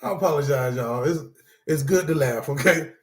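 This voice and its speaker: Guy w doing a support group talk, preachy, keeps cracking up, high voice, echoey room. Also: normal speed. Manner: laughs often, animated, addresses viewers as y'all. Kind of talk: casual preaching-style talk to camera.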